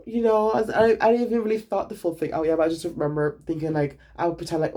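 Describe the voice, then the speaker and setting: A young student vlogger tells his story with animated, over-the-top drama and plenty of swearing. His voice is dark and mellow, with a gravelly fry. It has a husky, slightly breathy edge. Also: high-pitched, fast talker, few pauses. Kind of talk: casual storytime vlog.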